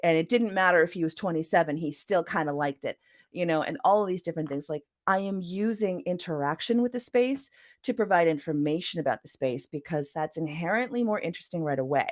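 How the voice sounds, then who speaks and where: A woman's voice: lowish voice, fairly quick. A woman author, a guest on an interview show, chatting casually about the craft of writing. She laughs often and fills her talk with "you know".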